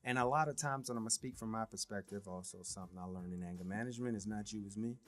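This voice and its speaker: A man's voice: on the low side, fast, a bit bright. A man co-hosting a casual podcast chat, talking reflectively and often checking in with "right?". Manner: reflective, asks "right?" and "you know what I mean?". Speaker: podcast co-host.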